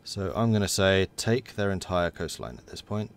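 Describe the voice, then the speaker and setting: A man's voice: low voice, animated, moderate pace. A man giving casual, wry commentary while playing a strategy game and chatting to his units. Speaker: let's play commentator.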